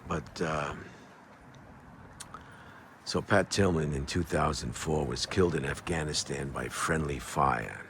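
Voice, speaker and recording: An older man talking in a casual, rambling monologue outdoors, halting often with fillers and restarts. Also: very deep voice, creaky, a bit bright, a little hiss or hum. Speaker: vlogger.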